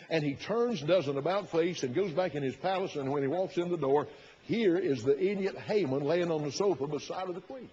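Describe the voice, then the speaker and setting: A man's voice: on the high side, fairly quick, darkish tone, a little hiss or hum. Folksy preacher man, lo-fi sermon. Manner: folksy, retells the story with quoted inner thoughts. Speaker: pastor.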